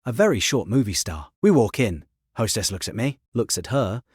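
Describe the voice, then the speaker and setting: A man's voice: on the low side, very animated, moderate pace, darkish tone, breathy edge, no echo, studio quality. A man reading a first-person story aloud in terse, clipped sentences. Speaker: story narrator. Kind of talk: scripted first-person narration.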